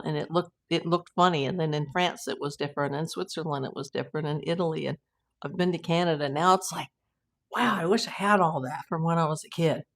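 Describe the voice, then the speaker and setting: Brief: woman live-stream host, loose rambling chat with frequent laughs, slightly low-pitched voice. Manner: rambling, anecdotal, laughs often. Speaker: host of a live YouTube channel.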